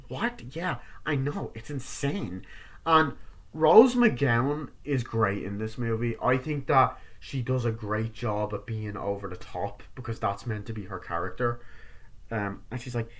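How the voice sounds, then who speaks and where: A man giving a casual movie review, rambling with lots of fillers and briefly acting out characters' lines. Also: mid-range voice. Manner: rambling, acts out characters' lines in quick impressions; heavy use of filler words like "like" and "you know". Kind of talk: casual film review vlog.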